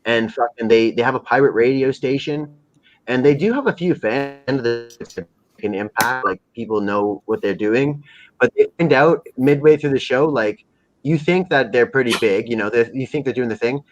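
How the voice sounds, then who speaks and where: A man's voice: medium pitch, normal speed, dull audio. A man from Canada hosting a livestream, chatting casually with heavy swearing and a rambling way of talking. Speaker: livestream host. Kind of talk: casual chat.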